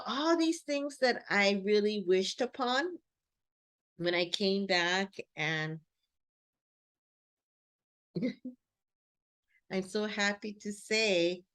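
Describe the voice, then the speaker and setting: A woman sits outdoors talking to her camera in an unhurried, rambling way, full of "like" and "you know" fillers. She laughs often between thoughts and keeps a middle-pitched voice. Her vlog pace stays slow and easygoing. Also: fairly bright tone. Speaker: vlogger. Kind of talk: casual reflective vlog monologue. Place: sitting outdoors.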